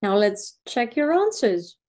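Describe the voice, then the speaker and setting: A woman teacher giving a slow, clear video English lesson. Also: mid-range voice, big pitch swings, darkish tone. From Belarus. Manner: slow, clear classroom delivery.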